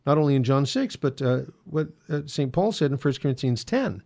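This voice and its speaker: Male host, gravelly mid-pitched voice, casual teaching monologue full of ums and restarts. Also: lively intonation, brisk, a little mellow. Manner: conversational, frequent fillers and restarts. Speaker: Catholic apologetics host.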